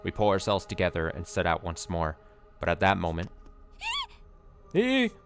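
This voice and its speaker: A man reading a game's narration aloud in a steady, plain way, with game music behind. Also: deep voice, brisk. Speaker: let's play narrator.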